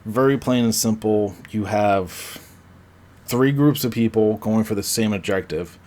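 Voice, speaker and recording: Low-voiced man casually recapping a movie. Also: a little slow, darkish tone. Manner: rambling, acts out quotes with filler words and self-corrections. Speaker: podcast host.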